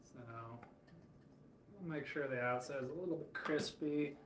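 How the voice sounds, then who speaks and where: Cooking in a hotel room kitchen, a man from Michigan, USA, runs a casual livestream where he rambles, jokes, and responds to chat. His voice is fairly high and his pace normal, and the roomy recording carries background noise and faint ambience.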